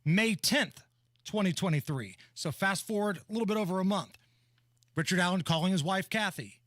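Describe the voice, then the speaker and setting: High-voiced male radio co-host. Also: normal speed, fairly bright tone, no echo, clean studio sound. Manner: methodical, reads details in order. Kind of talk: news rundown on talk radio. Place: radio studio. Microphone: studio microphone.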